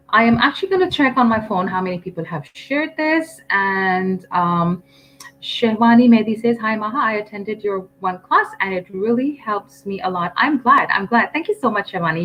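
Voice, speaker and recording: A woman's voice: mid-range voice, expressive, normal speed, muffled recording. A woman teaching English on a live stream, chatty and firm, reading out viewer comments with lots of ums.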